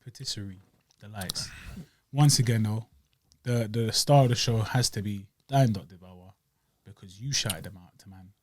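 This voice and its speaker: A man's voice: lowish voice, normal speed, dry recording. Slangy jokey man. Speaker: podcast co-host. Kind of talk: casual chat.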